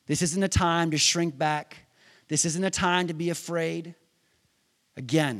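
A male pastor preaching a sermon, reading scripture aloud and building to loud, emphatic calls for the congregation to repeat after him. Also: on the high side. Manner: reads scripture aloud and drives key lines home by repetition.

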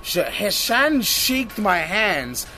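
A man telling a comedy sketch in a slow, mock-serious deadpan narration. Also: sits high, over a noisy crowd.

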